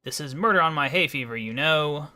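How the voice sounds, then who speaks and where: A man's voice: fairly high pitch, brisk, sharp tone, soft background music, pitched above the performer's own voice. A man voicing a vain, grumpy king who complains a lot and gives in to his wife. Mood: grumbling. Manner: pompous, complaining.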